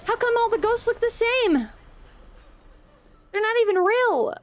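High, lively-voiced woman streamer. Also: measured pace, pauses often. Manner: playful, reactive, swears and laughs often, talks to chat. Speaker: game streamer. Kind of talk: live gameplay commentary.

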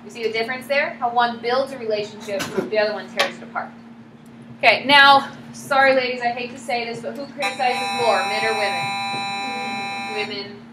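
Female lecturer, higher voice, questions her class often; echoey classroom, hum behind. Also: a little fast. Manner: lively, asks the class questions. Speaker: psychology lecturer. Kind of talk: classroom lecture with acted examples.

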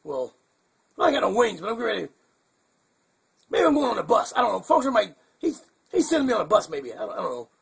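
A man doing a raspy, goofy bird puppet. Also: high-pitched, sing-song, quick pace, pauses often, exaggerated voice. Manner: rambling, muddled, chuckling. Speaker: hand puppet co-host. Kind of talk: puppet comedy show.

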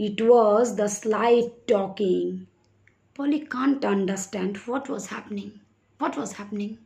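A woman's voice: mid-range voice, moderate pace, vocal fry, mellow. A woman with a Bengali accent teaching an English story lesson to young children, reading lines aloud and explaining them in simple words. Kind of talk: online English literature lesson.

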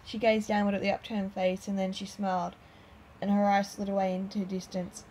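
A woman calmly reading a storybook aloud as narrator. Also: medium pitch, fairly quick, a little hiss or hum, poor audio. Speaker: audiobook reader.

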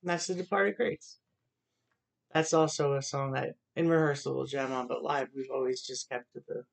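A man talking casually after playing guitar at home in his city apartment, rambling quickly and quietly with lots of fillers. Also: mid-range voice, creaky. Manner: rambling, quick, soft-spoken talk with fillers. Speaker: singer-songwriter and YouTuber. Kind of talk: casual spoken aside after a guitar performance.

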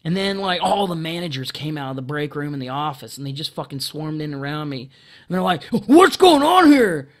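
A man working as a video commentator unleashes a furious, swear-filled monologue at a camera in a brisk voice that sits on the high side. He restarts his sentences clumsily, clears his throat often and erupts into loud outbursts.

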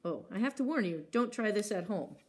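A woman's voice: mid-range voice, lively intonation, fairly quick, darkish tone, husky. A woman librarian reading picture books aloud at children's story time, acting out sound words and stopping to ask the children questions.

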